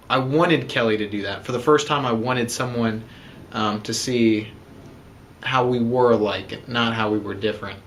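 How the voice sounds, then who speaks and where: A young man tells a story in a loose, casual way, full of "you know" and "um". His voice sits at an ordinary middle pitch and he wanders from thought to thought. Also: normal speed, a bit bright. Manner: rambling, many fillers like "you know" and "um". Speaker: groom-to-be telling the proposal story.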